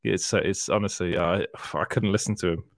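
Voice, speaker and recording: A man's voice: low voice, steady tone, fast talker, creaky, no echo, clean studio sound. A man co-hosting a casual live stream, laughing often as he reads out comments from the chat. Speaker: podcast co-host reading chat.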